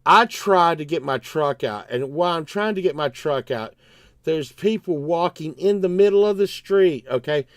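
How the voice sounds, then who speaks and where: A man's voice: fairly high pitch, lively intonation, moderate pace, no echo, clean studio sound. A man, telling a rambling, profane story on his livestream and acting out both sides of the argument.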